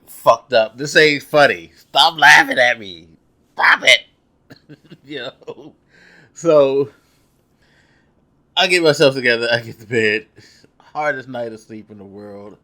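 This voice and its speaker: Young male vlogger, loose profane storyteller who laughs at himself, average pitch. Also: fairly bright tone. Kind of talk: casual storytelling.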